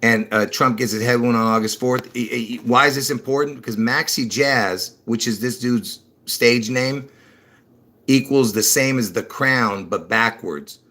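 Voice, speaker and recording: Guy rambling on his livestream, bit slurry from dentures, repeats stuff then gets all worked up, mid-pitched voice. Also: unhurried. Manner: rambling, repeats himself, bursts into excited emphasis; chuckles at his own slips. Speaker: livestream host. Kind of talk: rambling religious livestream talk.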